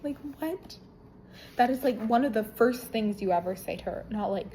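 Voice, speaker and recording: A woman casually reviewing a book, retelling the plot in an irreverent, profane, animated way. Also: mid-range voice, normal speed, slight background noise, low-quality recording.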